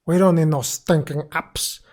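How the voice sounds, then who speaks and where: A man hosting a casual comedy panel chat, laughing often and slipping into quick impressions. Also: on the high side, fairly even intonation, a little mellow. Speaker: host.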